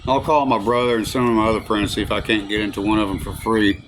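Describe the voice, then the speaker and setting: A man's voice: lowish voice, fast. Rambling Southern man over noisy background. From Southern United States. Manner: chatty and rambling, with many fillers and a relaxed drawl. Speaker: vlogger. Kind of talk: casual rambling chat to viewers.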